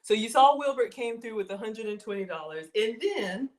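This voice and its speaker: A middle-aged woman, hosting a cooking livestream in a chatty, excitable way and reading viewer comments aloud. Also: a little high, normal speed. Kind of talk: casual livestream chat.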